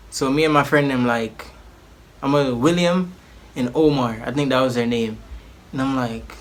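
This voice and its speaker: A man's voice: medium pitch, moderate pace. A man telling a personal story in a casual vlog, rambling and slangy, with many restarts. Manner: animated, acts out the people in his story.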